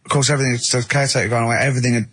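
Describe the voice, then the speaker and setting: A man's voice: medium pitch, fairly even intonation, rapid-fire, a bit bright, slightly rough. A man co-hosting a radio show, telling a long rambling anecdote with a sarcastic edge, on a studio microphone. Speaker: radio co-host. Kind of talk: casual radio studio chat.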